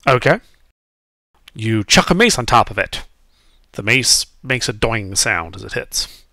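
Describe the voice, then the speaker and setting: Man, game master, bright tone, dry mic; casual scene-setting narration. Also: on the low side, sing-song, unhurried, no room sound. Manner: casual, explains with many fillers.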